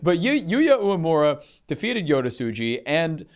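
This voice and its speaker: A man's voice: fairly high pitch, sing-song, moderate pace. A man co-hosting a podcast, chatting casually and animatedly, swearing freely. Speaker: podcast co-host.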